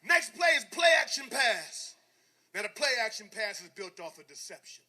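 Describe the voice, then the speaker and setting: A man, a former football player, telling a story to a live audience as a motivational speaker, animated, dropping quiet and then shouting. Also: high-pitched, moderate pace, crowd noise.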